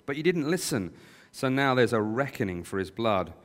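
A man's voice: mid-range voice, sing-song, normal speed, close to an everyday voice. A man reading as a reproachful eldest brother. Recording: long hall reverb.

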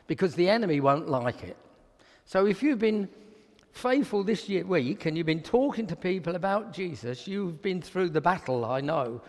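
A man preaching a sermon in a church hall, telling Bible stories with animation and acting out the voices of the people in them. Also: sits high. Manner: animated storytelling, acts out quoted speech. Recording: long hall reverb.

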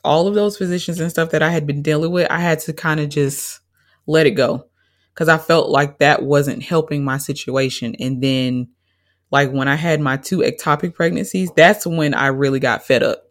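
A woman's voice: low voice, normal speed. Brief: interview guest, woman, candid, emotional storytelling.

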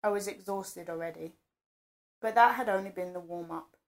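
A woman's voice: mid-range voice, moderate pace. Woman reading an intimate first-person story. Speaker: narrator.

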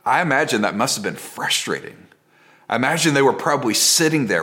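A man preaching a sermon as a pastor, telling the story in a conversational, dramatic way and dropping to a hush at key moments. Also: mid-range voice, big pitch swings, brisk. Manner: conversational and dramatic, with repeated phrases.

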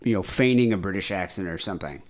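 A man's voice: deep voice, fast talker. A man hosting a podcast in casual chat, rambling and self-deprecating, with a somewhat nasal voice. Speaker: podcast host.

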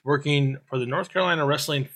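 A man's voice: a little high, fast talker, fairly bright tone. A man hosting a podcast, reading the intro and chatting in an upbeat way. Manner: upbeat, reads the show intro. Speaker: podcast host. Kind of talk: casual podcast chat.

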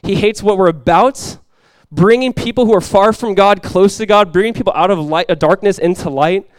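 A man preaching a sermon as pastor, telling stories with lively energy, then dropping quiet and slow to press a point. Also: high-pitched, clean tone, dry recording, studio quality. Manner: animated storytelling, drops quiet and slow for emphasis; conversational, many fillers like "like" and "you guys".

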